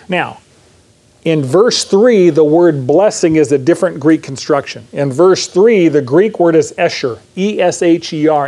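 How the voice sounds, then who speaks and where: A man's voice: fairly high pitch, dark tone. A man preaching a verse-by-verse sermon, teaching conversationally with frequent questions to the congregation and "right?" checks. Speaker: pastor.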